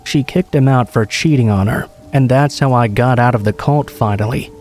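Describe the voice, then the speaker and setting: A man reads scary stories in a calm, even narrator's voice. His tone is dark and mellow, and a steady patter of rain runs behind him. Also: medium pitch, moderate pace, faint music behind. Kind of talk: scripted horror story narration.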